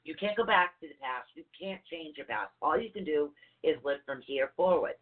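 A woman's voice: sits low, normal speed, slightly rough. Chatty woman on a tinny line. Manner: chatty, animated storytelling. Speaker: podcast co-host, holistic counselor. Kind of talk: casual spiritual chat. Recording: tinny phone-like audio.

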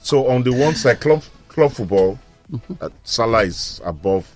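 A man's voice: mid-range voice, measured pace, faint music behind. A man with a Nigerian accent on a sports talk panel, chatting casually and telling a story with many restarts. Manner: hesitant, storytelling, lively when animated. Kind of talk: casual chat.

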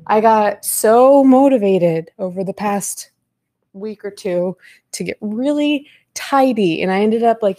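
A woman's voice: medium pitch, warm tone, no room sound, studio quality. A woman in her thirties hosting a casual live podcast from home at her computer, chatting and rambling with frequent laughs. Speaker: podcast host. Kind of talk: casual live-stream chat.

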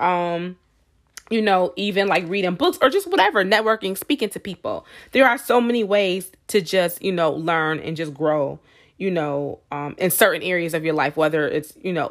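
A woman hosting a podcast, talking to her listeners in a casual motivational monologue. She fills her speech with "like" and "you know" and calls her listeners "y'all.". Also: medium pitch. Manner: chatty, many fillers like "like" and "you know". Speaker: podcast host.

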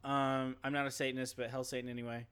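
Bright-voiced man, rambling irreverently. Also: medium pitch, flat delivery, fast, clear, resonant tone. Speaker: podcast co-host. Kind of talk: casual chat. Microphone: mic with pop filter.

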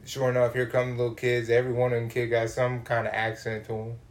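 A man telling a comic story, animated and swearing freely, acting out the people he meets. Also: mid-range voice, quick pace. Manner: animated, swears a lot, acts out voices. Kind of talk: profane comedic storytelling.

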